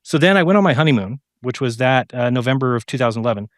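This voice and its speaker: Fast-talking man telling a story. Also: medium pitch, no echo, clean studio sound. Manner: animated, acts out quoted exchanges, frequent fillers and restarts. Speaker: interview guest. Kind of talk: storytelling in a casual interview.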